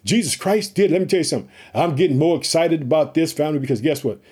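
A man preaching an energetic sermon, excited and pumped up, often calling out to his listeners and repeating catchphrases. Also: on the high side, quick pace, slightly rough.

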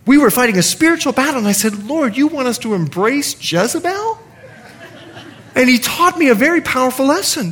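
A middle-aged male pastor preaching a sermon, telling humorous stories and acting out the voices of people in them. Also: high voice. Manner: animated, humorous, acts out quoted voices. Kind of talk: sermon with storytelling.

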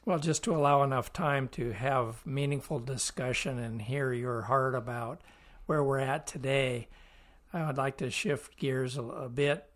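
Slow, measured interviewer. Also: medium pitch, fairly even intonation. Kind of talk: interview questions.

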